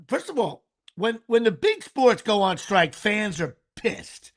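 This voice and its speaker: A man's voice: sits high, very animated, moderate pace, fairly bright tone. A middle-aged man, hosting a show in casual, comedic, profane chat with stammering repeats. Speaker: podcast host.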